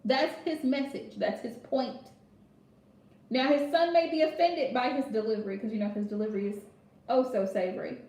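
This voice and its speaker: A woman's voice: on the high side, normal speed, dark tone, echoey room. A woman tarot reader talking bluntly and emphatically in a casual advice vlog, often checking in with "right?". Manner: blunt, emphatic, repeats her point with "right?".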